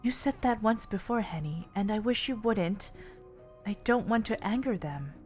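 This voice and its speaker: A woman's voice: medium pitch, animated, normal speed, faint music behind, lightly acted. A woman voicing an anxious, cautious young woman prisoner who speaks in a worried, pleading way in a visual novel game.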